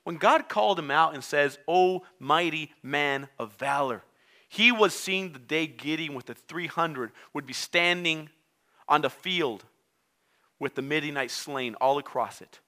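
Animated preacher man with a bright voice. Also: on the high side, a little slow. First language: not English. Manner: animated storytelling, acting out characters. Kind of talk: sermon.

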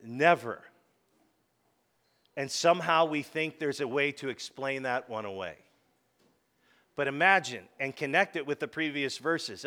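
Man, pastor, preaching sermon, call-and-response, slightly high voice, church congregation. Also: pushed and bright.

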